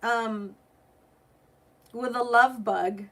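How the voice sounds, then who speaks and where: A woman's voice: on the high side, fairly even intonation, drawn-out words. A woman tarot reader live-streaming a reading, chatty and openly emotional as she talks to her viewers.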